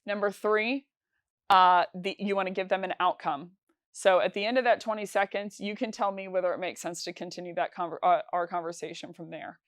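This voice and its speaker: A woman's voice: on the low side, fairly even intonation, fairly quick, no echo, studio quality. A woman teaching sales calls in a conversational, instructional talk, with frequent fillers and restarts. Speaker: sales trainer.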